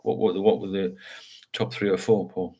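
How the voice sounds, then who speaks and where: A man's voice: low-pitched, little pitch movement, moderate pace, gravelly, dark tone, husky. An older man hosting a casual live chat, talking frankly and rambling, often ending with tag questions. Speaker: livestream host. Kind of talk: casual live chat, reading viewer comments.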